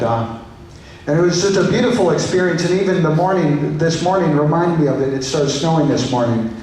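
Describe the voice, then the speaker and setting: A man speaking as a pastor at a memorial service, gentle and halting, restarting his phrases often. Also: fairly high pitch, slight background noise. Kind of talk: memorial eulogy. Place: large church hall. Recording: echoey church hall, voice heard from far off.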